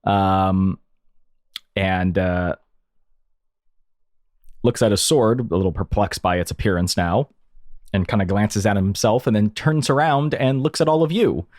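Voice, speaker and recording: A man's voice: on the low side, unhurried, pauses often, darkish tone, no room sound, clean studio sound. A man playing a tabletop role-playing game, chatting playfully and laughing often. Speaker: player.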